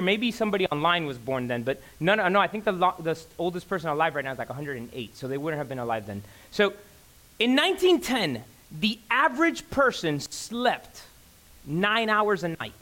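High, bright-voiced excitable preacher man. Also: normal speed. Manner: excitable, emphatic, repeats phrases for effect. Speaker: pastor. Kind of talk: sermon. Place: church sanctuary.

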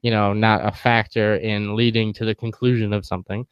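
A man's voice: lowish voice, flat delivery, fairly quick, clean tone, no echo, lo-fi sound. A young man co-hosting a casual chat, laid-back and slangy, telling stories.

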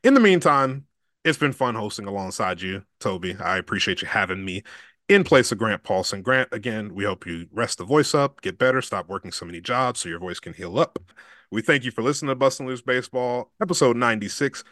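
A man hosts a casual sports podcast, his low voice swinging lively up and down. He talks a lot and restarts his sentences often. The sound is dry and close on a studio mic. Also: brisk, dry recording. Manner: talkative, with many restarts and laughs. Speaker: podcast producer filling in as host.

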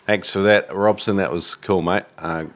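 A man's voice: low voice, fairly even intonation, normal speed, fairly bright tone. A man hosting a podcast, chatting in an easygoing way with casual fillers. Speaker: podcast host.

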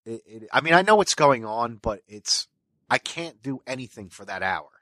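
A man's voice: medium pitch, sing-song, moderate pace, pushed and bright, no echo. A man co-hosting a casual podcast chat, rambling and swearing, often trailing off and restarting his sentences. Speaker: podcast co-host.

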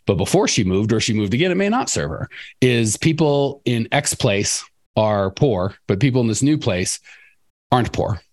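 A middle-aged man, a podcast coach, talking casually and acting out quotes by jumping up in pitch. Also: moderate pace. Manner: animated storyteller, acts out quotes in a raised voice. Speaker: coach and podcast host for cleaning business owners.

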